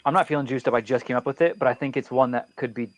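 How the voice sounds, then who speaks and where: A man's voice: medium pitch, rapid-fire, no echo. A man co-hosting a soccer podcast, talking casually and hesitantly, often swearing. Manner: relaxed, hesitant with fillers and swearing. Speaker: podcast co-host. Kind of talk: casual chat.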